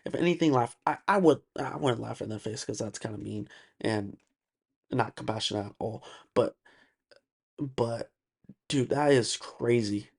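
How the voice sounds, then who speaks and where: A man's voice: mid-range voice, a little slow, gravelly, husky. A man hosting a solo podcast monologue, talking emphatically and repeating himself with lots of fillers. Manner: emphatic, ranting, repeats words and uses many fillers. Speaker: podcast host.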